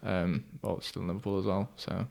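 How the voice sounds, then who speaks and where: A man from England answers questions on a podcast in a low-key, matter-of-fact way. His voice sits a bit low. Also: little pitch movement, brisk, gravelly, a little mellow. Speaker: podcast guest, music producer. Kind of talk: casual interview chat.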